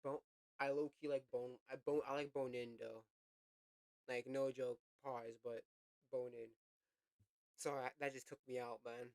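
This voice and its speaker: A man's voice: medium pitch, flat delivery, unhurried, pauses often, darkish tone, no echo. A young man hosting a reaction video, talking casually, laughing a lot, swearing freely and repeating lines back.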